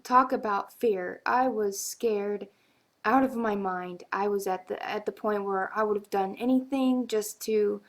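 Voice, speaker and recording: A woman giving a personal faith testimony to viewers, earnest and halting, with many pauses and restarts. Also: mid-range voice. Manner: emotional, confessional.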